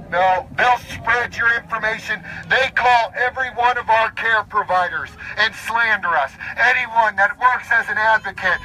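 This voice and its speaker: At an outdoor street protest, a man gives an impassioned speech in a high, sharp voice tight with tension, faint street noise behind him on a low-quality recording. He reads official rules aloud and bluntly, indignantly rebuts each one.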